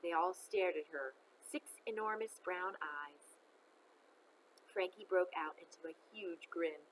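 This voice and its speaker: A woman reading a children's novel aloud, expressive and chatting to listeners between chapters. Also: fairly low pitch, takes it slowly, slight background noise, low-quality recording.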